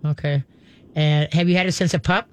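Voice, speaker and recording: A woman's voice: low-pitched, fairly even intonation, normal speed, a little hiss or hum. A woman hosting a call-in radio show, chatting, giggling and rambling through advice for a caller.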